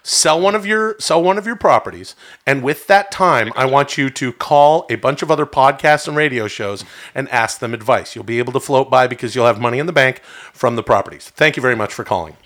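Goofy, animated male podcast host. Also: medium pitch, brisk. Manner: goofy, joking, prone to laughter and shouting. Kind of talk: casual comedic chat.

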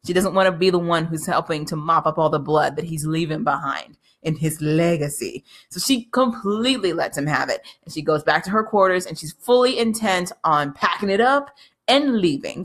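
A woman with a somewhat low voice talks through a TV episode in a loose, unscripted recap. She is chatty and swears freely. Laughter slips into her telling. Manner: chatty, profane, laughs often. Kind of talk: casual recap monologue.

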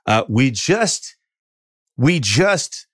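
A man's voice: medium pitch, big pitch swings, drawn-out words, slightly rough, dry recording, clean studio sound. A man co-hosting a podcast, chatting casually and animatedly, joking and swearing. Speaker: podcast co-host. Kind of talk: casual chat.

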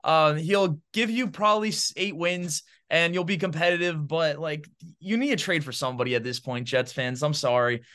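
A man's voice: on the high side, normal speed. A man co-hosting a sports podcast, giving opinionated football takes in casual chat full of fillers. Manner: animated, opinionated, heavy on fillers like "bro" and "man". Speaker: podcast co-host.

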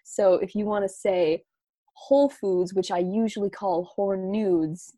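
A woman's voice: mid-range voice, unhurried, warm tone, dry recording, studio quality. A young woman from Long Island, chatting casually and playfully, laughing often and full of slang. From Long Island, New York. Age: young adult. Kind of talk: casual chat.

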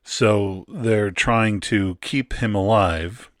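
Low-voiced man, laughing through his critique. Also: very slow, fairly bright tone, no room sound, clean studio sound. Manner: laughs often while making his points. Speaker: podcast co-host. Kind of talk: casual movie review chat.

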